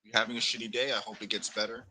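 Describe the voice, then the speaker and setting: Bright, sharp-voiced podcast host man. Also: fairly low pitch, little pitch movement, very fast, husky, poor audio. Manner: blunt and opinionated. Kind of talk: casual chat.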